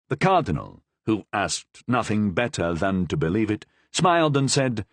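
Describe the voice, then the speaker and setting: A man reading a historical novel aloud as narrator, with expressive, lively delivery. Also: fairly low pitch, normal speed, few pauses, no room sound. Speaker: audiobook narrator. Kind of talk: scripted narration.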